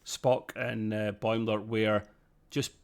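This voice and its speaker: A man's voice: on the low side, level tone, slow, vocal fry, clean tone. A man co-hosting a casual podcast review, chatty and laughing often, with many fillers. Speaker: podcast co-host.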